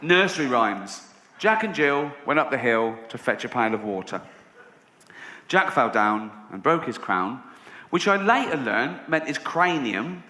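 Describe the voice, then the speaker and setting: An English man performing a stand-up comedy routine on a theatre stage, telling stories deadpan and then ranting in disbelief. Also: medium pitch, a little slow. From England. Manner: storytelling, deadpan then rising to incredulous rants. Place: theatre stage with a laughing audience. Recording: noisy live venue recording.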